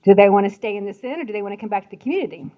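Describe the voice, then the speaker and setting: A woman in her sixties from Indiana giving a chatty, animated church talk with laughing asides. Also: medium pitch, very fast. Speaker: church speaker. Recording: dull lo-fi sound.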